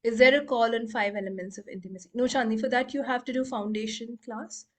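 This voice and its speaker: A woman coach leading a casual group call, chatting and laughing, and rattling off repeated clearing phrases in a quiet murmur. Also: a little high, steady tone, fast. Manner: chatty, laughs often, acts out quoted voices. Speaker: healing coach and facilitator.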